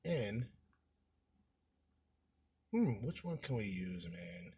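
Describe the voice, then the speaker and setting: A man's voice: mid-range voice, sing-song, normal speed, pauses often, slightly rough. A man hosting a podcast in a casual, brash commentary style, swearing and bantering with his listeners. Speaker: podcast host.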